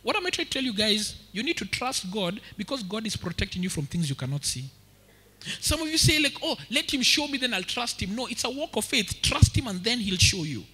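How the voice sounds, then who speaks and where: A young Kenyan man preaching a story-filled sermon in a lively way, switching between English and street slang and acting out the voices in his story. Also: high-pitched, fairly quick, husky. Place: large church hall. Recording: echoey hall with long reverb.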